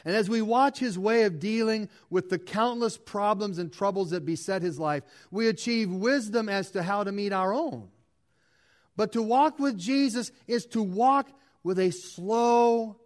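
A middle-aged man delivers a sermon from the pulpit. His voice sits a little high for a man. He stacks up repeated phrases and leans into them for emphasis. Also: a little slow. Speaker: pastor.

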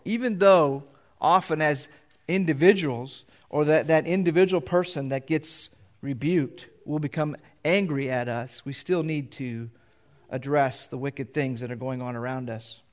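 A middle-aged pastor preaching in a church, reading scripture aloud and explaining it in a loose, conversational way. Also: male voice, a little high, measured pace. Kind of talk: sermon. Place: church sanctuary.

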